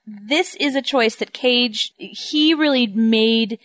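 A woman co-hosting a casual film discussion who talks in a wry, measured way. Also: a little high, a bit bright. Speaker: podcast co-host.

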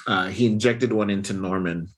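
Husky-voiced man recapping casually. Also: low voice, normal speed. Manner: chatty, laughs often, swears casually. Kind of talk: casual comic book recap.

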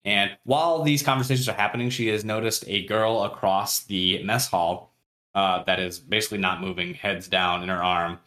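A podcast co-host with a fairly low, sharp voice and fairly even intonation walks a friend through a novel in a casual, chatty recap. He laughs often and does quick impressions of the characters when retelling their dialogue.

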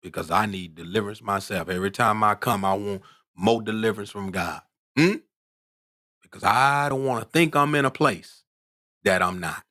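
A man preaching a sermon, drawing out scripture slowly and asking "hmm?" between points, climbing into fervent shouts. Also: no room sound, clean studio sound. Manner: call-and-response "hmm?", rising to fervent shouts; drawls scripture slowly, then climbs in pitch when worked up.

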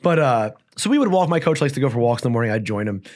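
A man guesting on an audio-only podcast as a fighter chats casually, his medium-pitched voice expressive and a little mellow. He tells rambling stories quickly, packed with fillers.

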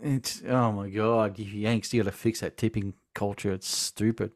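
Australian man, podcast guest, animated storyteller, salty language, dry close mic. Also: on the low side, normal speed, no room sound. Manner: animated, swears freely, laughs through stories. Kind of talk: casual podcast chat.

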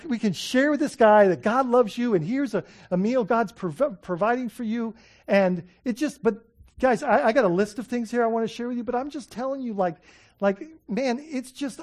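A man preaching a sermon, telling stories with excitement, often restarting his sentences. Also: high voice. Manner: excited storytelling, many restarts and fillers. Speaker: pastor.

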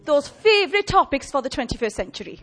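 A woman preaching a lively, humorous sermon and chatting with her audience. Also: high voice, quick pace.

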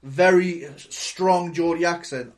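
A man's voice: fairly high pitch, slow. A man co-hosting a podcast in casual chat, teasing the others and quizzing them. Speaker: podcast co-host.

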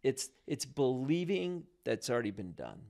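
Man with a bit of fry, easygoing preacher chatting about prayer. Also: medium pitch, sing-song, normal speed, darkish tone. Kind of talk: casual faith conversation.

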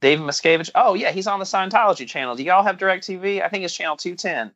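Rambling folksy man, bright voice. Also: sits high, lively intonation, fast, no room sound, dull audio. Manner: rambling, stumbling over words, folksy slang. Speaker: podcast co-host. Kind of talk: casual chat.

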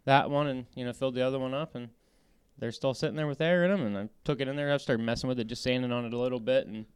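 A man in a casual chat as a podcast guest, telling animated, rambling stories. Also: mid-range voice, very fast, clear, resonant tone, no room sound, clean studio sound.

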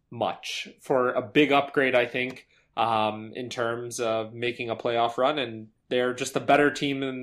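A young man co-hosting a casual sports podcast, talking in a relaxed, rambling way with many fillers. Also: mid-range voice. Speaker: podcast co-host. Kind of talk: casual basketball podcast chat.

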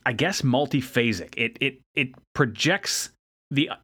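A man's voice: medium pitch, animated, measured pace, sharp tone, breathy edge. A man co-hosting a podcast, casually recapping a cartoon episode with frequent laughs and fillers. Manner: chatty, laughs often, many fillers. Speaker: podcast co-host.

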